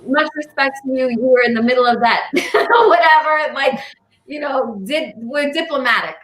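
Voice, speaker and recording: A woman's voice: sits high, normal speed, fairly bright tone, reverberant. A woman on a video call, speaking in a rambling, heartfelt way with many fillers. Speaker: campaign supporter. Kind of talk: casual video call chat.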